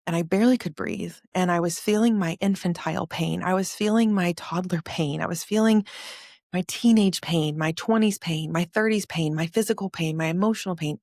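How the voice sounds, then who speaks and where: Woman around forty, podcast host, earnest confessional testimony; low voice, dry close sound. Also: a little mellow, no room sound. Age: about 40. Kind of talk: personal testimony storytelling.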